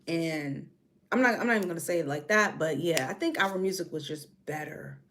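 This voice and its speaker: A woman's voice: deep voice, brisk, fairly bright tone, a little hiss or hum. A woman from New York with a New York accent, chatting casually on a livestream and reading comments, drifting between topics. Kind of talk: casual chat.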